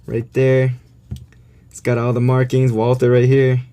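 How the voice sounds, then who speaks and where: A man in a casual unboxing vlog who can barely contain his excitement, laughing between his words and stammering as he goes. He talks at an unhurried pace in a mid-pitched voice. A faint background hiss sits under the recording. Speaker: vlogger.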